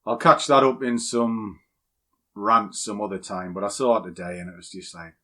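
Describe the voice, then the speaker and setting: A man's voice: on the low side, steady tone, moderate pace, sharp tone. An older man, a trading educator who talks bluntly and rambles in a casual, opinionated way before walking through a chart on screen. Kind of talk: casual rambling talk, then screen walkthrough.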